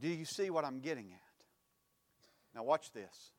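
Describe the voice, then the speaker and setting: A male pastor preaching a sermon, with a preaching cadence that swells into sudden loud emphatic lines. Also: mid-range voice, normal speed, long reverb tail.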